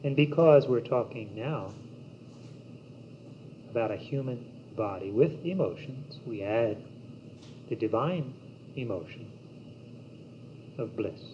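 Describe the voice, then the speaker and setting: Man, yoga teacher, slow meditative phrasing, mellow tone; dull old cassette recording. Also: medium pitch, lively intonation. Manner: slow, measured, meditative delivery with long pauses. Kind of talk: spiritual teaching talk. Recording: dull old cassette tape with faint hiss.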